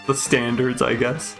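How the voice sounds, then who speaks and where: Gaming streamer, man, rambling casual chat, gravelly edge. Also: medium pitch. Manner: rambling, musing, with many fillers. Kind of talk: casual chat while playing.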